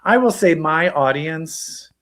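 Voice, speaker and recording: A man with a somewhat high voice co-hosts a podcast, talking in a loose, excited way. He gushes and swears freely as he recaps. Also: takes it slowly. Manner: excited, profane, gushing. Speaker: podcast co-host. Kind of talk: casual chat.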